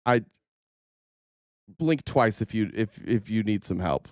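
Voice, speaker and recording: A man's voice: fairly low pitch, animated, slow, darkish tone, no echo, studio quality. A male livestream host doing political commentary in a sarcastic, profane style with lots of "uh" fillers.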